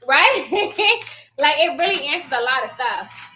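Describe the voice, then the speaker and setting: A woman with a bright, fairly high voice chats casually on a live stream as a trainer. She rambles, loses her thread and laughs often. Her voice rings in a roomy, echoey office. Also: expressive, normal speed, soft background music. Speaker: online notary trainer and host. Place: home office.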